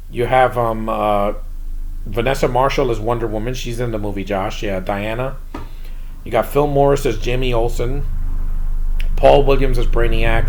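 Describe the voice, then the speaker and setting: A man hosting his own channel, giving a casual, blunt and rambling movie review. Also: medium pitch.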